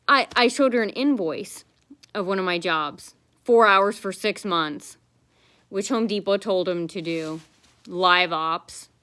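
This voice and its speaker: A woman's voice: mid-range voice, a bit bright, clear, resonant tone. A woman telling a long personal story to the camera in a casual, rambling, aggrieved way, full of fillers and restarts. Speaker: vlogger.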